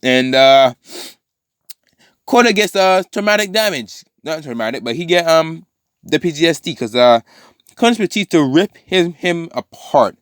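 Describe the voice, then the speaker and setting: A man casually improvising a fan-fiction story aloud, rambling and correcting himself with lots of fillers, now and then dropping into quick character quotes. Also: on the high side, animated, clear, resonant tone, dry recording, studio quality.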